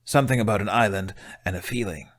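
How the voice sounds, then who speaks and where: A man's voice: fairly low pitch, fast talker, a bit bright. Man doing a sly young Viking lad. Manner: theatrical, sly. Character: cheeky young male Viking twin.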